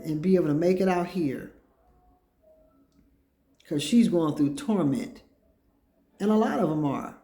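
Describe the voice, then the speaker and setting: A woman's voice: fairly low pitch, mellow. Lady rambling to her viewers on a home stream, roomy echo, phone mic. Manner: chatty, meandering, talks straight to viewers. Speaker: livestream talk show host. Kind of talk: casual rambling chat to viewers. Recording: echoey room.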